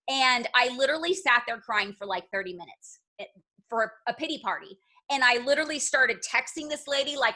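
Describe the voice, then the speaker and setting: A woman, a direct sales team leader, telling her team an emotional motivational story in an animated way. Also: on the high side, a little fast. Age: adult with children. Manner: emotional, animated, addresses listeners as "you guys".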